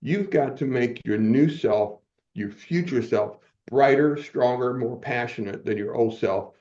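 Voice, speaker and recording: A man's voice: mid-range voice, unhurried, a little mellow, highs cut off. A man in his seventies telling personal stories as a podcast guest, motivational and acting out quoted dialogue. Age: 70s. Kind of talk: personal storytelling in a podcast interview.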